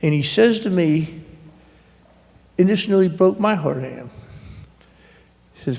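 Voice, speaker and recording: A gravelly man with a slightly high voice tells a rambling, earnest story in slow, unhurried speech. He often stops and restarts his sentences. A long hall echo trails behind his words. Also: lively intonation, darkish tone. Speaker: author at a public talk. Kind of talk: storytelling conversation. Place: public library event hall.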